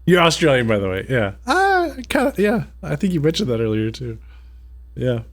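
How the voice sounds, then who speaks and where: A man with a fairly high voice that swoops wildly in pitch is streaming a puzzle game live. He chats casually and reads viewer jokes from the chat aloud in a slow, musing way.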